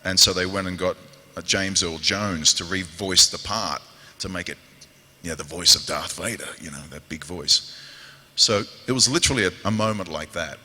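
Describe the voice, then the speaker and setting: A man with a New Zealand accent tells lively stories to a convention crowd, jumping into quoted voices and growls as he goes. His voice sits fairly low but comes across bright and forceful. A long hall reverb trails behind every line. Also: normal speed, husky. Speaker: actor on a convention panel. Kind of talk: animated storytelling to an audience.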